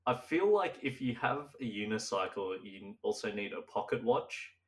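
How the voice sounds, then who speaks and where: A man's voice: on the low side, animated, normal speed, recorded from a distance. A young man co-hosting a casual chat, rambling and laughing often, sometimes slipping into silly old-timey voices. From Australia. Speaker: podcast co-host.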